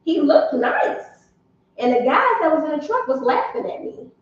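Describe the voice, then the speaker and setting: A woman's voice: high-pitched, big pitch swings, moderate pace, a little hiss or hum. A woman from Detroit telling a long story in casual group chat, rambling with restarts. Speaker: podcast panelist. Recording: echoey, distant, muffled room recording.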